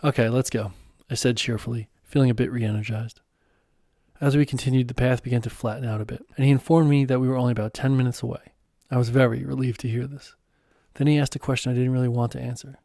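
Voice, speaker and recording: A man's voice: mid-range voice, steady tone, fast talker, warm tone, no echo, clean studio sound. A man narrating his own first-person story in an earnest, self-deprecating way. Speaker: author and narrator.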